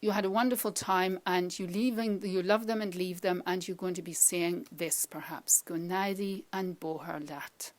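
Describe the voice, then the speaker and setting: A woman language teacher giving a pronunciation lesson to camera, saying phrases slowly for the learner to repeat and praising each try. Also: fairly low pitch, steady tone.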